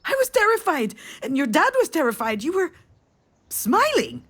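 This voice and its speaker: A woman's voice: high-pitched, sing-song, normal speed, fairly bright tone. A tender storytelling mother. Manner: tender storytelling, rising with emotion. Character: mother tenderly recalling a memory.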